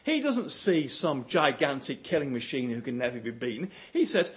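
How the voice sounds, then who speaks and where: A man preaching a sermon, telling a story with animation, his voice rising for quoted lines and sinking low to drive points home. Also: wildly swooping pitch, moderate pace, hardly any pauses, fairly bright tone.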